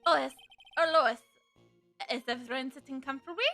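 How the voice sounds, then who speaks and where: A woman's voice: high-pitched, brisk, sharp tone, soft background music. A woman voicing a smug male chef who sprinkles in fake French, theatrical and showy.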